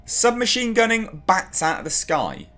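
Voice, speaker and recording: Fed-up guy ranting about a show, sarcastic, swears a lot, pitch jumps all over. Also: very animated, unhurried, fairly bright tone, faint music behind. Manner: exasperated, sarcastic, mocks characters in high put-on voices; swears and repeats himself for emphasis. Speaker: TV show reviewer. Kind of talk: ranting review vlog.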